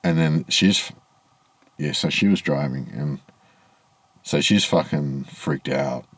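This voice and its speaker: A man's voice: rumbling low, vocal fry, breathy edge, no room sound. A man telling a rambling, aggrieved story to camera in a casual vlog, swearing freely, outdoors in the evening. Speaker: vlogger. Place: outdoors in low evening light.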